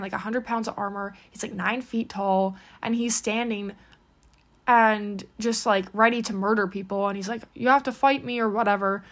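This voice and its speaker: A woman's voice: mid-range voice, fairly bright tone. A woman giving a casual, earnest devotional talk as host, full of "like" and "um" fillers. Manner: earnest, encouraging.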